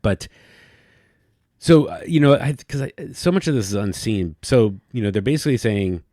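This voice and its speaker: A man's voice: fairly low pitch, lively intonation, moderate pace, warm tone, no room sound, studio quality. A man co-hosting a podcast, chatting loosely about a TV episode with many restarts. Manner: rambling, many restarts and fillers. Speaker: podcast co-host. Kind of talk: casual chat recapping a TV episode.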